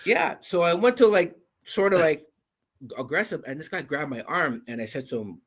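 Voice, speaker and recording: A man's voice: on the high side, animated, normal speed, a bit bright. A man in his fifties from Canada, a guest coach telling anecdotes animatedly in casual chat. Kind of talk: casual storytelling.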